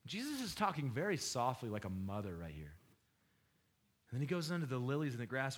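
A man's voice: medium pitch, huge pitch swings, brisk. A man preaching a sermon in a conversational style, joking with the congregation and asking them questions. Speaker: pastor.

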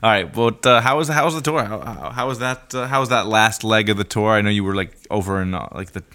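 A man's voice: fairly low pitch, fast talker, bright, forceful tone. A man hosting a podcast in casual chat, rambling with lots of fillers and laughing easily. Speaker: podcast host.

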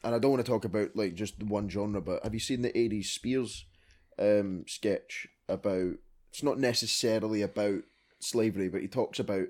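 A man with a somewhat low voice chats on a podcast. He tells stories in a lively, animated way. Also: normal speed. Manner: animated storyteller, laughs while retelling jokes. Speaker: podcast co-host. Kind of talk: casual chat.

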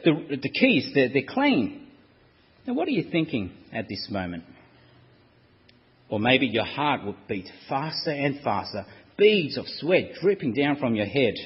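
A man preaching a sermon, telling the story dramatically and acting out the crowd's shouts. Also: medium pitch, husky, big-room sound, muffled recording.

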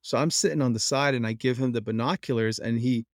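A middle-aged man shares family memories in a voice of ordinary pitch. He tells them with energy and slips into the voices of the people he quotes. The recording is close and dry, with no room sound. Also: no room sound. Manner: animated, quick to act out quoted voices. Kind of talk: personal storytelling.

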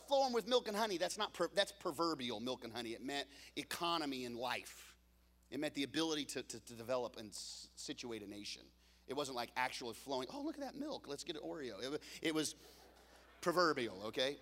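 A man preaching a sermon as pastor, telling the story with joking asides and swinging from loud peaks to hushed lows. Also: long reverb tail.

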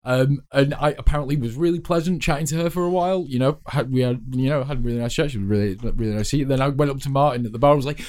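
A man's voice: medium pitch, darkish tone. A man telling a long story in casual chat, stopping and restarting as he goes. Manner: halting storytelling with restarts and fillers.

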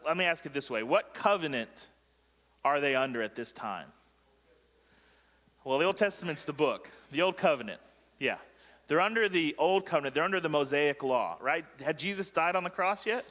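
A man's voice: fairly high pitch, animated, moderate pace, long pauses, pushed and bright, long reverb tail. A male pastor preaching a sermon in a joking way, quizzing the congregation as he goes. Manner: joking, asks the congregation questions. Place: church sanctuary.

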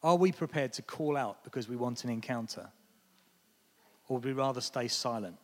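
Speaking at an ordinary speed in a mid-range voice, this British preacher animates his sermon stories and raises his voice to act out the lines he quotes. Long reverb from the hall trails every word.

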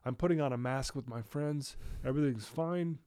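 A middle-aged man from Utah, a podcast guest telling his life story earnestly and acting out quoted dialogue in a hushed voice. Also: mid-range voice, normal speed, no room sound, studio quality. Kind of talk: candid podcast conversation.

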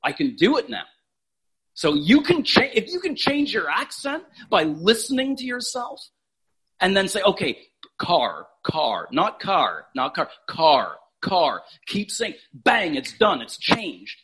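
Man from canada, husky voice, high pitch, lively swings, emphatic casual talk. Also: measured pace. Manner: emphatic, casual, swears freely. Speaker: podcast guest. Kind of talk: animated motivational talk.

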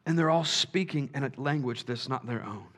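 A man preaching a sermon, animated, swinging from quiet asides to shouts and acting out quoted voices. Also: medium pitch, a little fast. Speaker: pastor.

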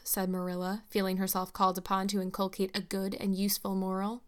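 A woman hosting a book club podcast, narrating a classic novel in a clear, measured storytelling voice. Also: medium pitch, flat delivery, fairly bright tone. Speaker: podcast host and book reader. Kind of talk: audiobook narration.

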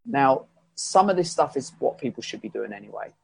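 A fitness coach explains his coaching method in a chatty, rambling way, correcting himself as he goes. His mid-range voice is expressive, a little fast, creaky and slightly rough.

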